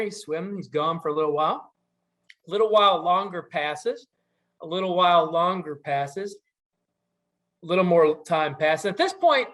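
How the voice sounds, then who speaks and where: A middle-aged man telling a traditional story in a relaxed, conversational way, with asides and fillers. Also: high voice. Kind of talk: casual oral storytelling.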